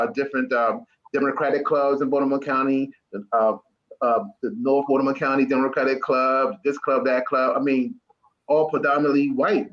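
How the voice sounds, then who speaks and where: A man on a political panel talking in a folksy, halting way with many false starts. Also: medium pitch, fairly bright tone. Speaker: Democratic club member. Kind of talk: roundtable discussion. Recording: dull lo-fi sound.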